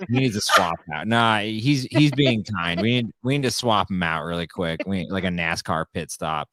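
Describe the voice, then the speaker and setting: A man's voice: low-pitched, normal speed, very noisy. A man chatting as a podcast guest, trading dry sarcastic jokes. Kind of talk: casual chat.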